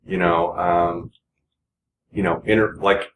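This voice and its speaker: A man in his forties, a podcast guest, talking earnestly in a rambling, halting way full of restarts. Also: low-pitched, flat delivery, a bit bright. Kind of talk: casual podcast conversation. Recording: echoey room with noticeable background noise.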